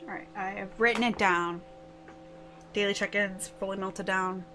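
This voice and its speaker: A young woman streaming a video game live, chatting with viewers and yelling excitedly at the game. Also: mid-range voice, normal speed, background noise.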